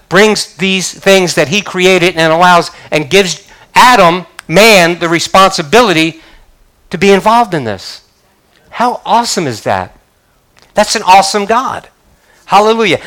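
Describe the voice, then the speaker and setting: A man's voice: high-pitched, pushed and bright. An older man preaching a sermon as pastor, emphatic, with frequent hallelujahs. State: choked up.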